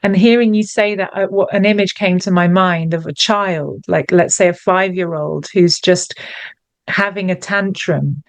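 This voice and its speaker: A woman's voice: lowish voice, normal speed, no room sound. A woman co-hosting a podcast, speaking in a reflective, searching way about feelings, often restarting her sentences. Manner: thoughtful, searching, with many restarts. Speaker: podcast co-host. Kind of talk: reflective conversational chat.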